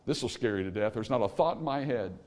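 A man preaching a sermon to a congregation, swinging from hushed, low passages to loud, emphatic ones and asking rhetorical questions. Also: lively intonation, fast.

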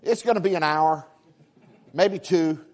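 A man delivering a sermon in a slightly high voice, swinging between loud acted-out exclamations and soft asides. He tells homely stories, stumbling over repeated words as he goes. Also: a little slow. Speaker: preacher. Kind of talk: sermon storytelling.

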